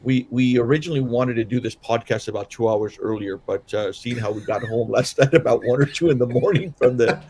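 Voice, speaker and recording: This Southern California podcast co-host has a medium-pitched, slightly mellow voice with a breathy edge, and he talks fairly quickly with hardly any pauses. Worn out from a late night, he drifts through casual political chat in a loose, rambling way, restarting often and using many fillers.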